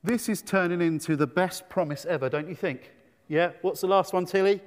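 High-voiced, enthusiastic man in an echoing hall. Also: moderate pace. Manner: enthusiastic, asks the children many questions. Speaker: children's talk leader in church. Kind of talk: animated children's talk.

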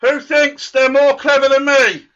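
A smug, teasing quizmaster , played by a man, with a very high, piercingly bright voice and slow, drawn-out delivery. he boasts and needles the children in a comic church sketch, heard through a muffled lo-fi recording. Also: level tone, full character voice. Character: cocky boastful male quizmaster character Derek. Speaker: quiz host at a church service.

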